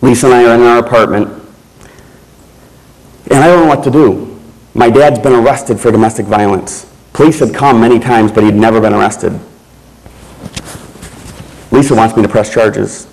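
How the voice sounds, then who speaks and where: A man giving a keynote speech, telling a personal story in a slow, measured way with pauses. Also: medium pitch, darkish tone, rough recording. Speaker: keynote speaker.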